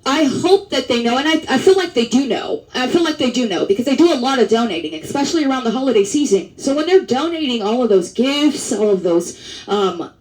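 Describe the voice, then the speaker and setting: A woman's voice: sits high, expressive, fairly quick, poor audio. Woman vlogger, rambling monologue, lots of restarts, blunt and profane. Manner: rambling, with many restarts and fillers. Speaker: advocacy vlogger. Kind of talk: casual monologue to camera.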